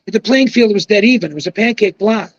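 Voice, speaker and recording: A man with a high voice works his way through his views in a podcast chat, pausing on fillers and starting over. The sound is dry and a little dull, with no room in it. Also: no echo. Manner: rambling, hesitant opinions with fillers. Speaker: retired bowling pro guest.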